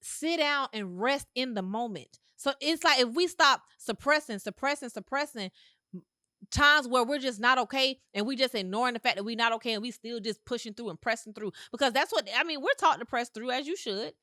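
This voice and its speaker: A woman's voice: a little high, expressive, fairly quick, sharp tone, no room sound, studio quality. A woman hosting a podcast in a motivational monologue, with emphatic, repetitive, slangy delivery. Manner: casual slangy phrasing. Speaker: podcast host.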